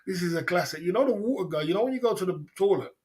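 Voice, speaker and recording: Laughing, rambling livestream host. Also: male voice, sits high, animated, racing, darkish tone. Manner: rambling, laughs often, slangy. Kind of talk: casual livestream chat.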